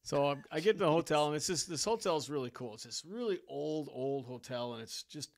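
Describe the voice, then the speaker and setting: A man's voice: a little high, brisk, gravelly. A man, a ferry pilot, telling stories in a casual interview, acting out the people in them and laughing often. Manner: animated storyteller, acts out dialogue, laughs often.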